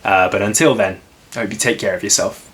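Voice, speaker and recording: A man calmly reading a children's storybook aloud and then chatting about it in a soft, unhurried, friendly way. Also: lowish voice. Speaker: storybook reader.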